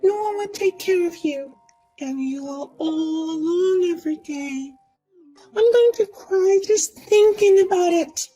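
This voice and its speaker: A woman's voice: very high voice, a little slow, warm tone, rough recording. A woman doing a smug, gloating young woman. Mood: smug taunting. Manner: mocking, sing-song. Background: faint music.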